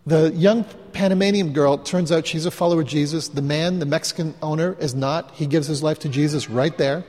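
A man preaching as a pastor, telling chatty, self-mocking stories to his congregation with quick asides. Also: on the high side, a little mellow. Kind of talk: storytelling sermon to a live congregation. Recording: live hall recording with long reverb.

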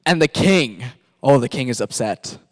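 A man's voice: mid-range voice, animated, moderate pace. A man from Pakistan, a pastor, animatedly narrating a sermon skit and directing volunteer actors.

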